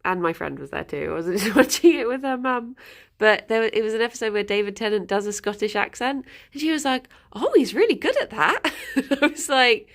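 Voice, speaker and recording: A woman's voice: a little high, lively intonation, fairly quick. A woman streaming live, chatting in a rambling way, greeting viewers and laughing often. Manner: talks softly to her rabbits, sometimes whispering. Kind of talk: casual live-stream chat.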